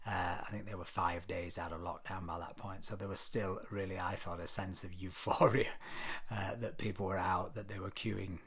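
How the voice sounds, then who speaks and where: A man's voice: deep voice, little pitch movement, normal speed, over a noisy crowd. A British man vlogging, telling a travel story casually with frequent ums and wry self-deprecating asides. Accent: British English. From Britain.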